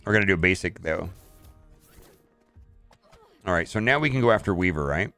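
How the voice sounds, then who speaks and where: A man's voice: low-pitched, expressive, fairly quick, sharp tone, faint music behind. A man casually commenting on his mobile game as he plays, thinking aloud and restarting his sentences often.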